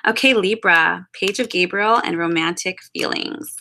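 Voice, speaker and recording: A woman delivers a monthly love forecast sign by sign, reading tarot cards in a bright, forceful tone. She speaks directly to the listener, earnest and encouraging, offering spiritual advice with steady reassurance. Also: on the low side, a little slow, a little hiss or hum. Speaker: tarot card reader.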